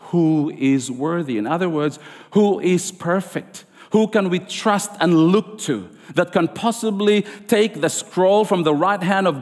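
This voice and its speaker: Male pastor, sermon delivery, emphatic, high voice, church-hall reverb. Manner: emphatic preaching, rises high on key lines. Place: church sanctuary.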